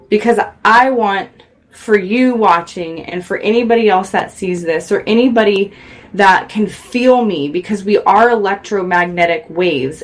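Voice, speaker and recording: A middle-aged woman hosting a radio show, giving an earnest, reflective motivational talk to her viewers. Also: medium pitch. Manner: earnest, reflective, speaks louder when worked up.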